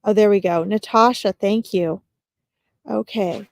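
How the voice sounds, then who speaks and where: A woman giving a live-streamed psychic reading as a medium, talking in a gentle, reassuring way with frequent pauses and fillers. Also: mid-range voice, gravelly, no echo, clean studio sound. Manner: gentle, reassuring address to viewers.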